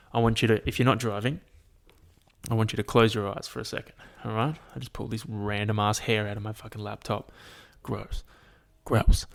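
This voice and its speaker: A man hosting a solo podcast, ranting and telling stories with heavy swearing and constant "like" fillers. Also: fairly low pitch. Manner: animated storytelling to the listener. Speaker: podcast host.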